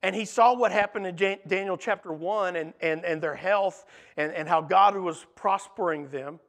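A man's voice: sits high, moderate pace, gravelly, a bit bright. A man preaching a sermon in an earnest way, asking his listeners rhetorical questions.

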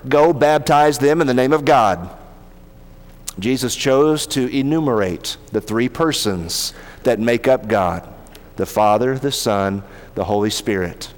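Man preaching in a reverberant hall. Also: mid-range voice. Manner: earnest preaching, reading scripture with slow emphatic stresses. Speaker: pastor. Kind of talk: sermon.

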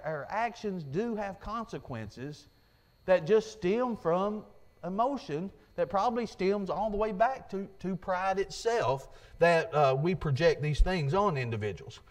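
High-voiced man preaching a sermon. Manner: earnest, repetitive restarts, quotes scripture.

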